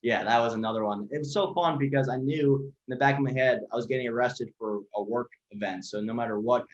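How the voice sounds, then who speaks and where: A man who is a guest chef on a podcast, telling stories in a rapid, rambling way full of fillers and swearing. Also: mid-range voice. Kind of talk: casual storytelling. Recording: lo-fi dull audio.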